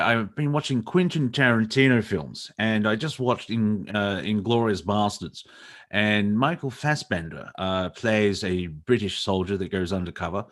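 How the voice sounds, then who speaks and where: A low-pitched man from Australia whose accent has worn into a mixed international sound. He talks loosely over a video call, full of ums and quick laughs. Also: a bit bright. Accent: mild mixed international accent. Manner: chatty, laughs often, many fillers. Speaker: guest author. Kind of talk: casual chat.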